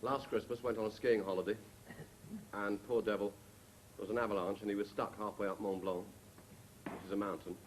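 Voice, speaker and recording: A man's voice: on the low side, level tone, brisk. A man on a comedy panel telling jokes as stories, slipping into funny put-on voices. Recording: noisy old TV archive recording.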